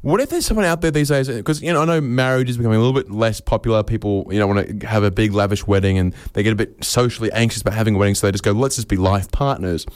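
An Australian man in his twenties or so, hosting a comedy podcast and rambling through deadpan absurd bits, acting out quoted voices. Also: on the low side, very fast, hardly any pauses, smooth, no room sound. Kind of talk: rambling comic monologue.

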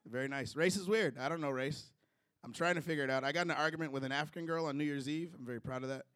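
A man's voice: a little high, quick pace, long pauses, fairly bright tone, no room sound. A young man from Chicago doing a loose, chatty stand-up set with crowd work, chuckling through his own jokes. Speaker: stand-up comedian.

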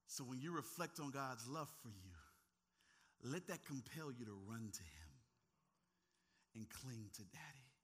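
A man preaching a sermon, swinging between hushed asides and impassioned, near-shouted stretches, teasing and talking directly to the congregation. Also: medium pitch, animated, unhurried, long pauses, husky. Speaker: pastor.

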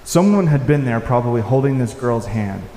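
A man preaching a sermon as a pastor, unhurried and reflective, sometimes dropping to a soft, gentle voice. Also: medium pitch, expressive, a little hiss or hum. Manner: unhurried, reflective, with soft-spoken quoted lines. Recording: echoey hall with faint ambience.

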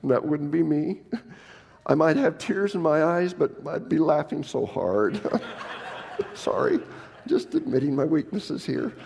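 Gravelly-voiced pastor preaching a sermon. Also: male voice, fairly high pitch, sing-song, unhurried, darkish tone, long reverb tail. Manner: humorous, acts out quoted people in raised voices. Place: church.

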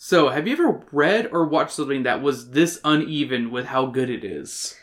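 A man co-hosting a book podcast, talking casually with lots of swearing and animated reactions. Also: medium pitch, moderate pace. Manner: animated and profane, reads aloud dramatically. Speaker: podcast co-host. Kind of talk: casual chat.

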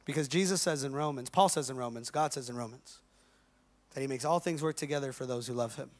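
Speaking fast at medium pitch, a male pastor jokes and chats through his sermon in slangy everyday language. He's addressing a live congregation during a church service.

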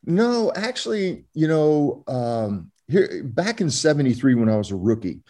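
A man's voice: on the high side, very animated, unhurried, mellow. An older man from Florida, a former ballplayer telling stories in an interview, rambling with many fillers and restarts. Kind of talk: storytelling interview.

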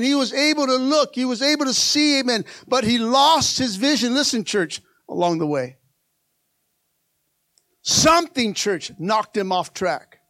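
Preacher guy, very high voice, slow and rousing, keeps repeating himself. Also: fairly bright tone, no room sound. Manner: rousing, call-and-response, repeats lines for emphasis. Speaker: pastor. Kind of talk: sermon.

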